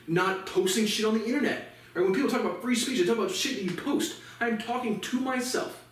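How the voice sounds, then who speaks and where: A man in a rambling, profane solo monologue, ranting agitatedly on his outdoor porch. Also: high voice. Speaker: vlogger. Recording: echoey and distant with faint noise.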